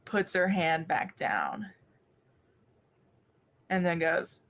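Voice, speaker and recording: A woman narrating as dungeon master of a tabletop game, casual and quick with jokes. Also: fairly low pitch, very animated, a bit bright, a little hiss or hum, rough recording.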